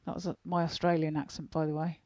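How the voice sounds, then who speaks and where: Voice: medium pitch, level tone, fast, warm tone, no room sound. A darts co-commentator talking live, chatty and joking with the main commentator. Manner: chatty, jokes with partner.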